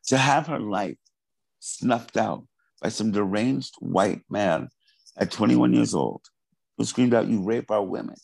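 A man's voice: fairly low pitch, lively intonation, slow, vocal fry, a little mellow, breathy edge, dry recording, poor audio. A male artist in an interview, speaking earnestly and with passion, often restarting and repeating words. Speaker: artist guest. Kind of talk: interview conversation.

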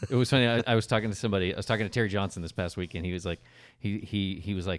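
A man's voice: deep voice, fairly even intonation, very fast, dry recording, clean studio sound. A man hosting a casual podcast chat, rambling a little and laughing easily. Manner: chatty, rambling with restarts and laughs. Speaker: podcast host.

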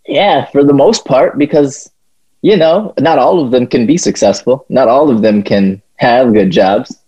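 A man's voice: mid-range voice, unhurried, husky, lo-fi sound. A young man co-hosting a podcast, chatting casually, swearing and stumbling over restarts as he rants. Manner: animated, swearing, stumbling restarts, laughs often. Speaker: podcast co-host. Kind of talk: casual chat.

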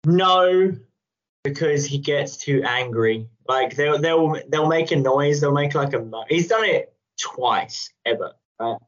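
A man's voice: fairly high pitch, slow pace, a bit bright. A man chatting casually on a podcast, rambling and playful, often laughing. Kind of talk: casual chat. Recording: dull lo-fi sound.

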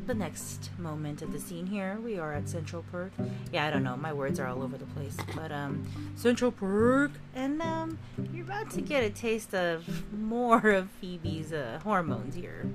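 A woman hosting a casual recap chat, retelling scenes in an animated way with frequent laughs. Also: fairly low pitch, measured pace, loud music behind the voice. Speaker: host.

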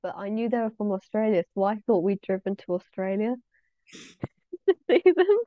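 A woman's voice: mid-range voice, very animated, normal speed, no room sound. A teenage girl from England chats as a guest on a podcast. She is playful and teasing, and giggles often. The recording is dry and slightly dull. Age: teen. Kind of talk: casual chat.

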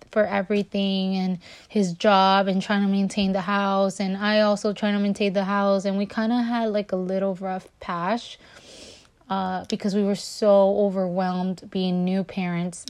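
An earnest young woman shares her own postpartum struggle in a personal vlog. Her voice sits at an ordinary middle pitch. She talks with deep feeling and often stumbles, restarts and repeats her words. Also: a little mellow. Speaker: new mother sharing her story.

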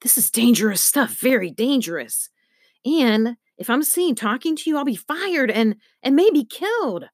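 A woman's voice: deep voice, big pitch swings, normal speed, dry recording, studio quality. A woman reading a storybook, voicing a nervous male librarian who whispers anxiously and makes bad puns. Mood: frightened.

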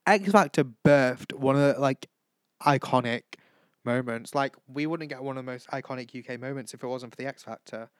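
A teenage man chats away in a casual, gushing, camp manner. His voice is smooth and clean at a middling pitch. The sound is dry and close. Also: moderate pace, no echo. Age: teens. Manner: chatty, gushing, camp, breaks into impressions and sung snippets. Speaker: vlog host. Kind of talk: casual chat.

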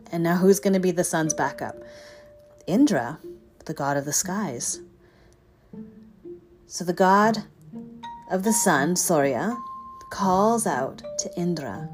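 A woman telling a myth in an expressive storytelling voice that sometimes drops to a whisper. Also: lowish voice. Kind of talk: dramatic storytelling. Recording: guitar music behind.

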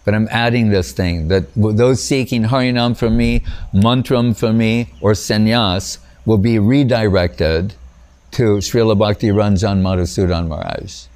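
A man's voice: fairly low pitch, fairly even intonation, a little slow, darkish tone. Man giving a rambling anecdotal talk. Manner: rambling and anecdotal, frequent "you know", breaks off and restarts; chuckles at his own stories. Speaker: spiritual teacher. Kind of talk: informal spiritual talk.

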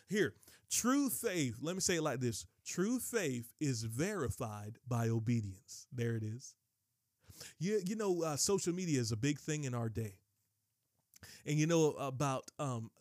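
A man preaching a sermon in an emphatic, conversational way, rising to high excited bursts. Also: no echo, clean studio sound. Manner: conversational, addresses listeners as bro.

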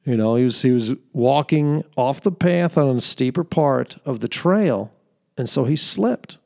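A man's voice: medium pitch, expressive, unhurried, creaky, darkish tone. A young man hosting a podcast, telling an earnest faith-based story with fillers and laughter. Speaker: podcast host. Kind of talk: faith-based reflective monologue.

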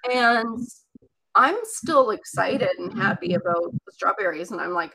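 A woman's voice: medium pitch, expressive, measured pace, creaky, background noise. A woman telling a personal childhood story in conversation, chatty and rambling with many asides.

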